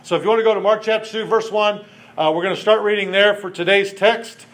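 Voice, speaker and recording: A man preaching a sermon, reading scripture and acting out the people in it with lively asides. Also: high voice, fast. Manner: animated preaching with acted-out quotes. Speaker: pastor.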